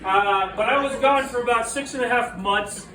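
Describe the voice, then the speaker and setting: A stand-up comedian from New Mexico, joking and teasing the crowd at a party. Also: male voice, very high-pitched, normal speed, pushed and bright. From New Mexico, USA. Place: party room with audience. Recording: echoey room from far off, crowd noise.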